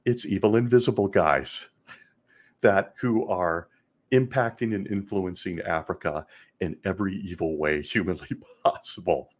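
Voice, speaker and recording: Sarcastic man with a husky, low voice. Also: measured pace. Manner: sarcastic, laughing often. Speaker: podcast host. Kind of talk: sarcastic podcast commentary.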